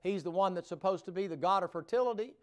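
A revival preacher, a man, speaks to a congregation in a church. His voice sits high and rings out smooth and clear. He mixes homespun jokes with fervent, rising appeals. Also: quick pace. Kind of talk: folksy revival sermon. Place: church sanctuary before a congregation.

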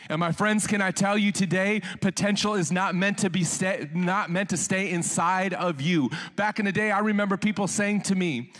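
A man in his forties preaching a sermon as guest pastor in a church, energetic and joking with the congregation. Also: sits high, a little fast, few pauses. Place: church sanctuary.

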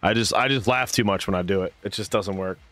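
A man's voice: lowish voice, quick pace, a bit bright, faint music behind. A man streaming as a caster, talking casually and a bit apologetically to his viewers between plays.

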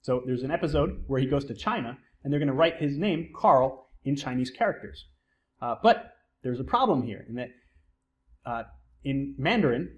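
A man's voice: medium pitch, dull audio. A man giving a recorded psychology lecture, explaining terms step by step and often posing a question and then answering it himself. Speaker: psychology instructor.

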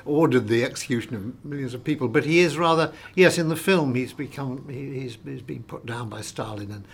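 A man's voice: medium pitch, brisk, vocal fry, husky. A man interviewed as an actor, talking in a chatty, self-deprecating way and often stumbling over his first words. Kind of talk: casual interview chat.

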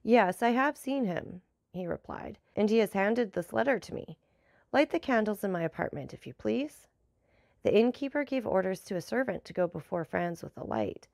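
A woman narrating a classic novel aloud, measured and lightly voicing the dialogue. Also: medium pitch, expressive, creaky, a little mellow, no room sound, clean studio sound. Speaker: audiobook narrator.

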